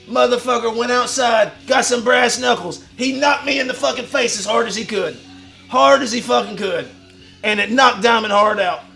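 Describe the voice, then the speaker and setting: A man with a strikingly high, gravelly voice holds forth like a wrestling promo on his own livestream. He is boastful and foul-mouthed, and he breaks into shouts. His tone is bright and forceful. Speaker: livestream host in a wrestler persona. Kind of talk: brash wrestling promo talk.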